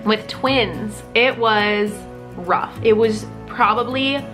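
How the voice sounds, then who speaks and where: A young woman casually telling a personal story to camera, candid and expressive, with plenty of "like" and the odd swear word. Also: medium pitch, takes it slowly, faint music behind. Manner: candid and expressive, with frequent "like" and profanity.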